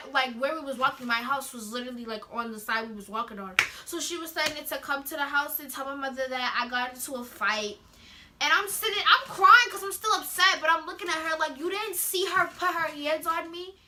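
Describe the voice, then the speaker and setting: A teenage girl telling a story in a casual, animated way, acting out the scenes with sound effects. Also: high voice. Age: teens. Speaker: vlogger.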